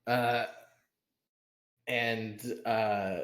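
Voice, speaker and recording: A man's voice: on the low side, flat delivery, extremely slow, fairly bright tone. A man acting as game master who narrates a tabletop game in a rambling way, full of fillers and laughs.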